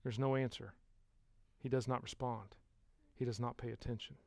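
A man preaching a sermon as pastor, putting rhetorical questions to the congregation and swinging from hushed to loud. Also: medium pitch, steady tone, normal speed, vocal fry, no room sound, clean studio sound.

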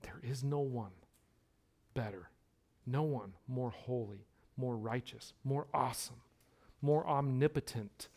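A male pastor preaching a sermon, stressing his points by repeating words and swinging between hushed lines and loud ones. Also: mid-range voice, takes it slowly, pauses often.

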